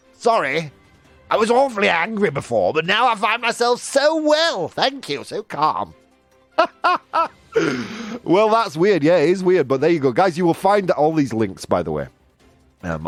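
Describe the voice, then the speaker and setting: A man's voice: mid-range voice, no room sound. A man hosting a live news quiz stream, chatting playfully with viewers and laughing often. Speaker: host.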